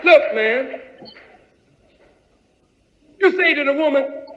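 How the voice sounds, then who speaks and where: A man preaching a sermon, emphatic and sometimes shouting, who acts out dialogues with his congregation. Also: very high voice, expressive, slow pace, roomy sound, lo-fi sound, slight background noise.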